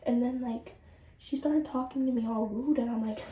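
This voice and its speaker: A woman's voice: fairly high pitch, normal speed, a little hiss or hum. Chatty teen girl in a roomy bathroom. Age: late teens. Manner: chatty, animated, addresses viewers directly. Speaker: vlogger. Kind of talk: casual storytime chat. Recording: roomy and distant from the mic.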